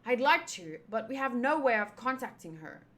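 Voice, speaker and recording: A woman's voice: on the high side, big pitch swings, normal speed, fairly bright tone. A woman voicing a dutiful male guard captain while reading a comic aloud, in an earnest, formal manner.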